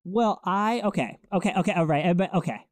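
Podcast co-host, male, lively storyteller, dry close mic. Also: fairly quick, dry recording. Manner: animated storyteller, acts out quotes in a higher voice. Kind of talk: casual chat.

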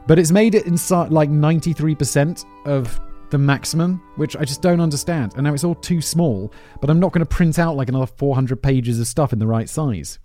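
A man's voice: on the high side, lively intonation, brisk, mellow, faint music behind. A man with an English accent hosting a podcast, reading a script aloud and breaking off into rambling, self-deprecating asides. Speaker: podcast host.

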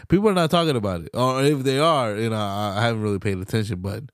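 A young podcast host talks at a quick pace in a fairly low voice, rambling casually through solo commentary full of slang, swearing, and laughter. The sound is studio quality with no room echo.

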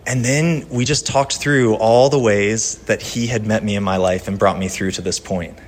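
A man pastor giving a sermon in a conversational style, telling personal stories and dropping from lively to hushed. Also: fairly low pitch, moderate pace.

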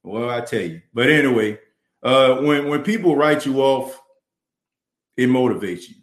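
A man's voice: medium pitch, animated, moderate pace, roomy sound. A man with a New Orleans accent hosting a podcast, talking fervently and with many "you know" fillers while he reads viewer chat. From New Orleans, US South. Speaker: podcast host. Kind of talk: livestream podcast talk, reading chat. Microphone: studio mic and camera.

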